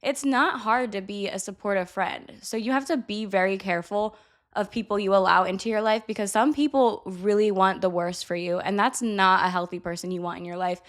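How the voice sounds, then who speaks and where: A woman's voice: mid-range voice, fairly quick. A young adult woman chatting candidly to camera, giving blunt life advice and swearing casually. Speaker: vlogger.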